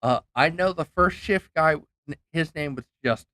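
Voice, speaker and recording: A man's voice: a little high, moderate pace, bright, forceful tone, dry recording. A man streaming a game, telling a rambling story in a heated, profane way, with many restarts. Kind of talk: casual ranting story while gaming.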